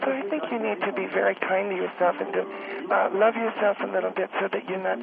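Male performer as a halting, gentle grandmotherly caller; very high, very rough, phone-line sound. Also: fairly even intonation. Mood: soothing. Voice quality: gravelly, halting with many ums. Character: elderly motherly woman caller, gentle and rambling. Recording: tinny phone line with loud crowd noise.

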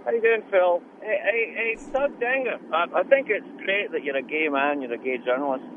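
A man's voice: high-pitched, expressive, brisk, a little hiss or hum. A Scottish man calling a radio show, cheeky and needling. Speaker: caller. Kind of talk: talk radio phone-in. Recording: tinny phone line.

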